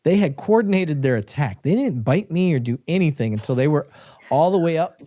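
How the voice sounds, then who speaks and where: A middle-aged man co-hosting a live podcast, telling a story with animated energy and frequent laughter. His voice is mellow and dark, recorded dry and close with no room sound. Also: a little high, a little fast, dry recording. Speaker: podcast co-host.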